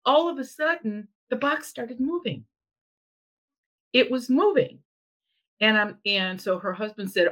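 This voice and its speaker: A woman's voice: on the high side, measured pace, long pauses, rough recording. A middle-aged woman telling a personal story in casual chat, acting out what people said. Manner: animated, acts out quoted voices. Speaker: storyteller guest.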